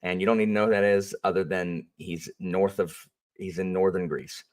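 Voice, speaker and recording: A man who works as a history teacher, telling a story in a casual, animated and rambling way, full of fillers. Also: low-pitched, moderate pace, far from the mic.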